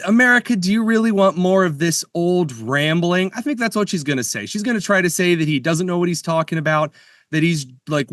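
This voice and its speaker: A man talks in a relaxed, joking way as a podcast co-host, tripping over his words and restarting as he goes. His voice sits a little high and sounds dry and close to the mic. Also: dry recording. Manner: playful, stammering restarts, jokey bets. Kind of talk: casual chat. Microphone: studio mic.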